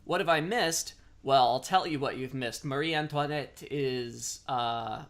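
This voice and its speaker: A man's voice: mid-range voice, unhurried, a bit bright. A man chatting casually as a streamer while playing a game, rambling and self-deprecating. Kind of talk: casual gameplay commentary.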